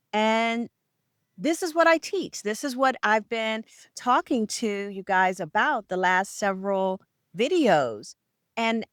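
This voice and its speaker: A woman's voice: medium pitch, dry recording, studio quality. A woman in her forties hosting a self-help video, talking candidly and conversationally to camera with frequent restarts. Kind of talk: casual confessional talk to camera.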